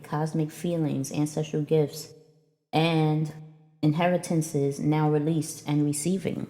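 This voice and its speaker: A woman's voice: deep voice, level tone, slow, dark tone, in a large hall. A woman giving a casual spiritual oracle reading to her viewers, rambling and chatty and addressing them as y'all. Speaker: spiritual reader.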